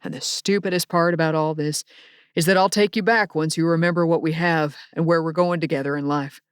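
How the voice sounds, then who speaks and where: A woman's voice: sits low, steady tone, brisk, clean tone, no echo, clean studio sound, lightly acted. A woman voicing an angry, hurt young man whose fiancée is leaving him, bitter and accusing.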